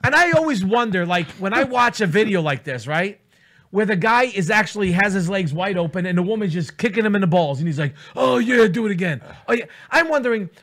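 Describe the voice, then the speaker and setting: A man's voice: high-pitched, fairly quick. A middle-aged man co-hosting a radio show, telling crude comic stories full of swearing and acted-out voices. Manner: profane, animated storytelling, acts out voices. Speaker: radio co-host. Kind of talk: casual comedic banter.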